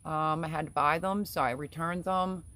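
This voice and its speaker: Middle-aged woman, homestead livestream host, chatty and rambling, quick to laugh. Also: low-pitched, fairly even intonation, a bit bright. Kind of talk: live stream chat, reading viewer comments.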